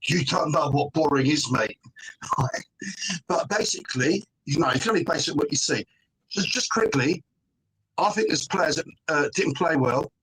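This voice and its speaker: A man's voice: on the high side, animated, moderate pace, slightly rough. Middle-aged man arguing hard on a phone call. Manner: emphatic, forceful arguing, keeps tagging "mate" and "right?". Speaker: fan panel guest. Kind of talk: casual fan podcast chat.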